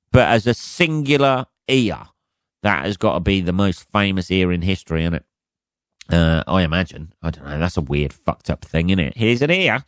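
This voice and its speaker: A man hosting his own podcast alone, rambling through jokey asides and swearing constantly, with a hoarse voice. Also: on the low side, fairly bright tone, no echo. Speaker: podcast host. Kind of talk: casual solo podcast monologue.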